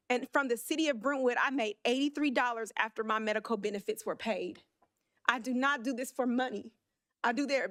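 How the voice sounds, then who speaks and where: Woman on city council, fired up and emotional, talks straight, higher pitched, keeps restarting. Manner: emotional, blunt and forceful, with halting restarts. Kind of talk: impassioned council meeting speech.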